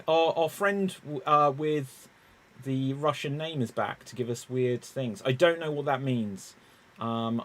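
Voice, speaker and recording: A man hosts an improv comedy stream, his voice sitting a little high. He is upbeat and brisk, setting up games and calling on players. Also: a bit bright. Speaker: improv show host.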